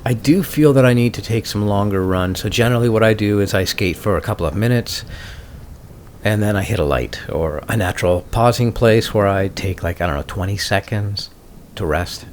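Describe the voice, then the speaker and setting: Low-voiced man musing casually. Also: normal speed, slight background noise. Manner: relaxed, musing, self-mocking. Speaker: podcast host and skater. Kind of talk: casual solo podcast talk.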